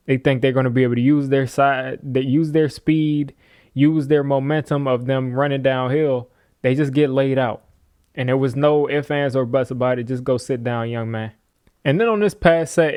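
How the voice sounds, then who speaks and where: A man's voice: medium pitch, a little mellow, no room sound, clean studio sound. A man narrating a casual football film breakdown, talking straight to the viewer, with chuckles and playful trash-talk asides aimed at the players on screen.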